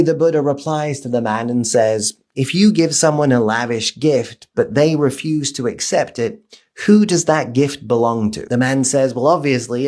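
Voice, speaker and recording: A man telling a parable in a measured way, playing the parts in his story. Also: mid-range voice, a little mellow. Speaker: storyteller in a clip.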